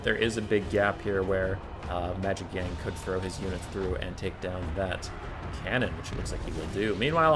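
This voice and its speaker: Live on stream, a lowish-voiced man commentates a strategy game tournament. Between calls he turns to his chat, chatting freely and wandering off on tangents.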